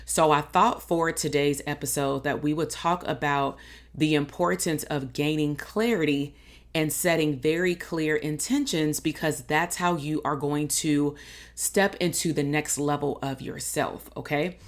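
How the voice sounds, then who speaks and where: A woman's voice: sits low, fairly even intonation, unhurried. A woman in her thirties hosting a podcast, giving upbeat, encouraging advice in a casual, slangy way. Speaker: podcast host and business coach. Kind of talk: motivational podcast monologue.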